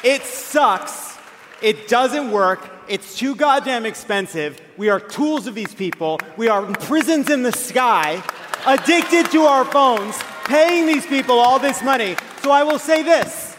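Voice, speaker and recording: A man's voice: extremely high pitch, lively intonation, a little slow. A man hosting a live comedy podcast, ranting with profane exasperation in front of an audience. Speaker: host. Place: live show on stage with audience. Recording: reverberant venue with crowd noise.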